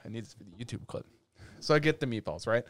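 A man co-hosting a podcast, telling a long animated rant in casual chat. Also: medium pitch, quick pace. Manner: animated ranting storyteller. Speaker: podcast co-host.

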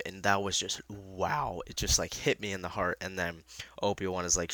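A man with a very low but bright, forceful voice rambles excitedly through an episode review. He stumbles over fillers and restarts in a casual, eager way. The sound is dry and close. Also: normal speed, vocal fry, no echo.

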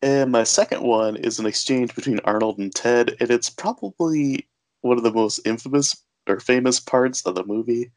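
A man's voice: medium pitch, moderate pace, a little mellow. A man hosting a podcast, chatting casually about a film with fillers and easy laughter. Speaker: podcast host. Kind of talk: casual movie discussion.

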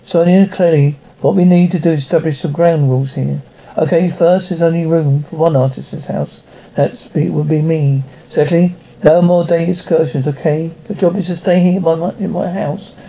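An actor playing an anxious, possessive graphic novelist who talks in a sarcastic, demanding way. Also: male voice, a little high, steady tone, moderate pace, creaky, warm tone, lo-fi sound. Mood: commanding. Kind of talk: film acting.

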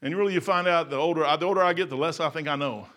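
An older pastor preaches in a church, folksy and chuckling at his own stories. His voice sits high and carries a bright, forceful edge, rising to shouts and sinking to near whispers. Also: rapid-fire. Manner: folksy, laughing, swings from shouting to hushed. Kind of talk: sermon. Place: church sanctuary.

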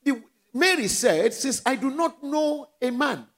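A pastor with a Nigerian accent preaches a sermon, asking the congregation questions and letting them call back answers. His voice is very high-pitched, animated, and a bit bright, at a measured pace, rising and dropping in volume.

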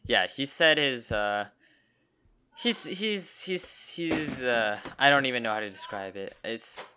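A man's voice: medium pitch, lively intonation, takes it slowly, noisy background. A young man in casual chat as a podcast co-host, stammering and restarting his sentences often.

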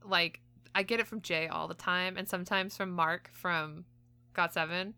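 A woman's voice: on the low side, steady tone, normal speed, sharp tone, clear, resonant tone. A young woman co-hosting a podcast, chatting in a gushing, filler-heavy way. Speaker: podcast co-host. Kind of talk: casual chat.

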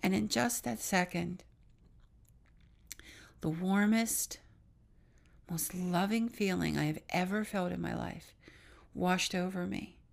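A middle-aged woman with a low-set, gravelly voice full of vocal fry tells a personal story. She speaks earnestly, often sinking to a hushed tone at the tense moments. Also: fairly even intonation, takes it slowly, long pauses. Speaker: podcast co-host.

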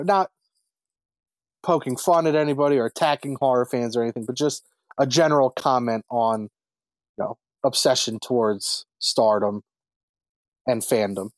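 A man's voice: on the high side, expressive, moderate pace, no room sound. A man co-hosting a podcast, chatting casually about a film in an easygoing, slightly hesitant way. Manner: easygoing, hesitant, laughs along. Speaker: podcast co-host. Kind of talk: casual film review chat.

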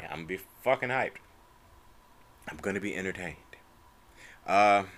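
A young man hosting a solo podcast, ranting casually about fight news, swearing and tagging lines with bro and man. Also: low voice. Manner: animated, profane, says bro and man constantly. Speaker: podcast host.

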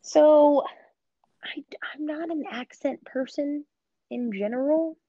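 An American woman co-hosting a podcast, chatting casually with lots of "like" and quick laughs. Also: high-pitched, dark tone, dry recording, muffled recording. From United States. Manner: chatty, filler-heavy, laughs often. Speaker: podcast co-host. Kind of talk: casual chat.

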